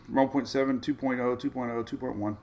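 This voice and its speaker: A man's voice: mid-range voice, steady tone, moderate pace, a little mellow, a little hiss or hum. A middle-aged man hosting a casual weather livestream, thinking aloud with lots of fillers. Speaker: weather show host.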